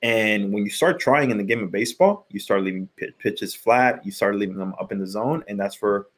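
A man in his thirties with a somewhat low voice talks baseball casually on a podcast. He rambles, doubling back on words as he works out his point, like a former pitcher swapping stories. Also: brisk. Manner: rambling, repeats words while thinking. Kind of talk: casual sports chat.

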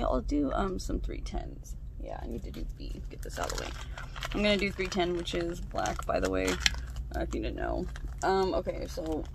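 A woman's voice: on the low side, creaky, noisy background. A young woman chatting casually while she crafts, venting and swearing freely. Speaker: craft vlogger.

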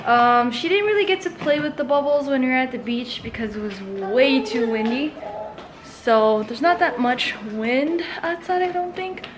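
A young woman vlogs in a high-pitched voice at normal speed, chatting casually. She tells stories, acts out what people said in quoted voices, and says "like" a lot.

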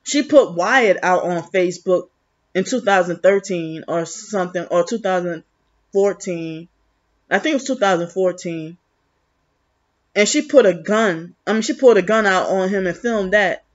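A woman's voice: on the low side, normal speed. A woman vlogging in a rambling, agitated, accusatory monologue, full of restarts. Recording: muffled lo-fi recording.

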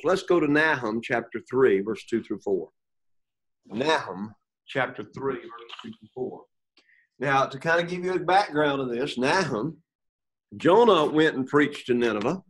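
Man teaching a Bible class, halting. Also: medium pitch. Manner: halting, repeats words, checks in with 'okay?'. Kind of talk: classroom lecture with questions to students. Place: classroom with students.

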